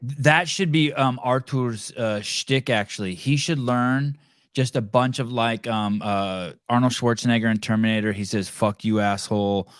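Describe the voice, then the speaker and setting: A man's voice: medium pitch, normal speed, dry recording. Man, podcast host, rambling, enthusiastic, dry close sound. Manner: rambling, many ums and uhs, enthusiastic. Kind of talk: casual podcast conversation.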